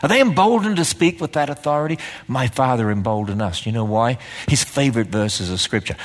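A man preaching a sermon in a church, firing rhetorical questions and swinging between loud, emphatic lines and hushed ones. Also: mid-range voice, sing-song, brisk. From Australia. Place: church sanctuary. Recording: large hall with long reverb.

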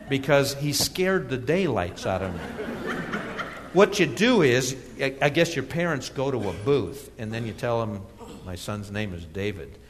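A man's voice: mid-range voice, long reverb tail, slight background noise. A middle-aged male pastor preaching a sermon, telling a personal story with laughs and restarts before reading scripture. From Minnesota.

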